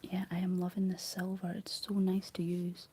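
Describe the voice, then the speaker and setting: A young Scottish woman whispering soft ASMR chat, rambling gently to her viewers while she paints, close on the mic. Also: lowish voice, monotone, normal speed, husky. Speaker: ASMR livestream host.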